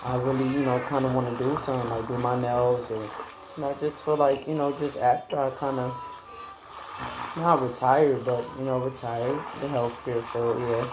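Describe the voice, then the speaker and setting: A tired young mother with a drawl rambles through a casual chat with her viewers, full of fillers. Her voice bounces around an echoey kitchen, and a steady noise hums underneath. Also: rumbling low, moderate pace. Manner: rambling, talks to viewers as y'all, lots of fillers. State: tired, yawning. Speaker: vlogger, mom. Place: home kitchen. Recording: echoey room with background noise.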